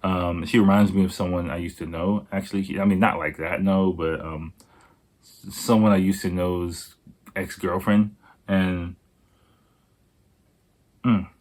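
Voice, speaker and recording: Podcast guy with a low deep voice, rambling and cussing a lot, lots of um and like. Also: fairly even intonation, unhurried, pauses often, darkish tone. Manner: rambling, profane, frequent fillers and restarts. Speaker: podcast host. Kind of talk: casual rambling monologue.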